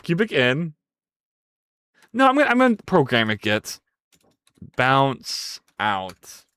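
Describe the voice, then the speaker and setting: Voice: mid-range voice, huge pitch swings, takes it slowly, a bit bright, clear, resonant tone, no room sound, clean studio sound. A live streamer thinking aloud while coding, who is playful with viewers and yelps and swears when things break. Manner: playful, chats with viewers between tasks.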